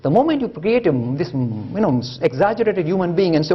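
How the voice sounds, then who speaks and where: A male lecturer talks in an animated, joking way, with a lilting, lively pitch and a husky, gravelly edge to his voice. He tells stories to make his points. The recording sounds dull and lo-fi. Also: brisk. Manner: animated, joking, acts out quotes. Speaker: lecturer on religion and science. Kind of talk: public lecture with storytelling. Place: lecture hall at a university.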